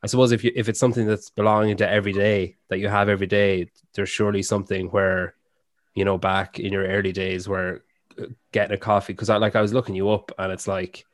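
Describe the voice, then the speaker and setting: A man's voice: fairly low pitch, level tone, fast talker, dry recording, studio quality. A man hosting a casual podcast interview, rambling and hesitant with lots of fillers. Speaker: podcast host.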